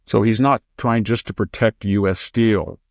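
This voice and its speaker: A man's voice: on the low side, fairly even intonation, normal speed, vocal fry, dry recording, clean studio sound. A man hosting a political talk show, speaking in an emphatic, lecturing way. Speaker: host. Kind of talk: political commentary chat.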